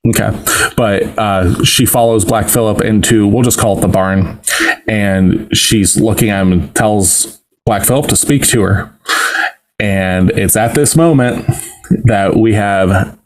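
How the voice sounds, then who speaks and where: A man's voice: fairly low pitch, measured pace, low-quality recording. A man co-hosting a podcast, recounting a film's plot step by step in casual chat with fillers. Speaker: podcast co-host. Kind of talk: casual film recap chat.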